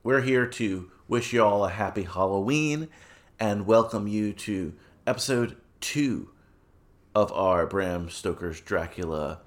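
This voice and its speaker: A man's voice: on the low side, slow pace. A man co-hosting a casual film podcast, a bit tipsy from wine, rambling and tripping over his words. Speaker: podcast co-host.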